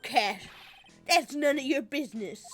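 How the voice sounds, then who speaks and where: A woman's voice: sits high, a little slow, a bit bright, soft background music, pitched above the performer's own voice. A woman voicing a grouchy old man who scolds and grumbles, in a game dialogue read aloud. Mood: indignant. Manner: cranky, scolding and gruff.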